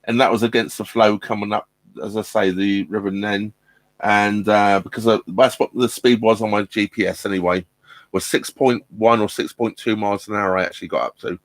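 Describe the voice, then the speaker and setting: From inside his narrowboat, a middle-aged vlogger talks casually to his live-stream audience at a normal speed in a steady, lowish voice. There's no room sound on the laptop mic, and he hesitates a lot, with plenty of ums and restarts.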